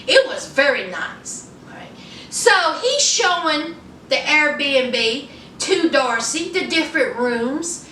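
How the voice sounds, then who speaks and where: Sassy high-voiced woman, echoey room. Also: slow, far from the mic, slight background noise. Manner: sassy, laughing, animated storytelling. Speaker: reality TV reviewer. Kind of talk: casual recap commentary.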